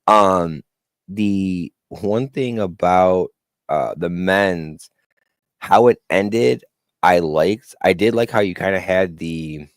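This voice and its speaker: A man's voice: low voice, slow, no room sound. A man co-hosting a casual wrestling podcast, rambling with lots of fillers and acting out little quotes. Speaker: podcast co-host.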